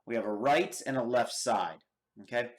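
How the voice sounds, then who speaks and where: An American man teaching an anatomy lab, explaining step by step and checking in with his students often. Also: mid-range voice. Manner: slow and deliberate, checks in with okay and all right. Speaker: anatomy instructor. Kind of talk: lab demonstration lecture.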